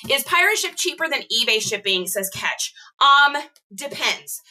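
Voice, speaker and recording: Bright, chatty woman from Texas. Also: high-pitched, very animated, unhurried. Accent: mild Texan. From Austin, Texas. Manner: chatty and upbeat, talks straight to viewers. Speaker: reseller livestream host. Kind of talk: casual livestream chat with viewers.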